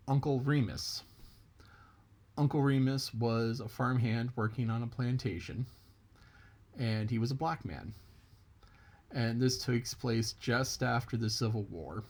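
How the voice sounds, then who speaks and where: Slow, chatty male storyteller. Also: medium pitch. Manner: unhurried, chatty, explaining as he goes. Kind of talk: casual folk tale storytelling.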